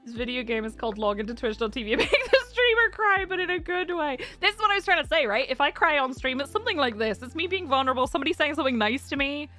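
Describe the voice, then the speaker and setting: A woman's voice: sits high, animated, very fast, few pauses, bright, forceful tone, faint music behind. A woman streamer chatting casually with her audience, emotional and close to tears, laughing often as she reads chat aloud. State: teary, close to crying.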